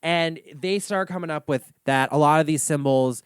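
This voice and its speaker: A man's voice: on the high side, normal speed, clean tone, dry recording, studio quality. A man hosting a comedy reaction monologue, ranting sassily and swearing often. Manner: sassy, animated ranting with frequent swearing. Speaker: host.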